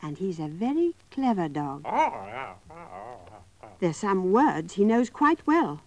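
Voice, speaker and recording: A woman narrating a story for young children in a gentle, coaxing way, talking straight to them. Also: medium pitch, sing-song, slow, a little hiss or hum.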